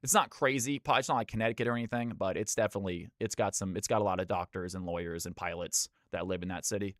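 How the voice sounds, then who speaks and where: A man's voice: fairly even intonation, fast, fairly bright tone, dry recording, clean studio sound. A man from Georgia in the US, casting a live game stream with lots of energy and chatting with viewers. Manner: high-energy, hyped.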